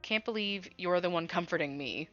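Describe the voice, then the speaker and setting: A woman voicing a tearful teen girl in a game, speaking softly and apologetically. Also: lowish voice, moderate pace, muffled recording, lightly acted. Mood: distraught. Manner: soft, apologetic, shaky. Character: tearful teen girl comforting her friend.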